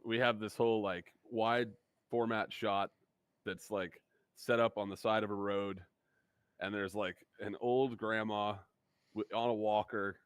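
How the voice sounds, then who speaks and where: A man's voice: on the low side, a bit bright, smooth, no echo. A man co-hosting a podcast, rambling loosely and swearing in casual chat. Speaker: podcast co-host.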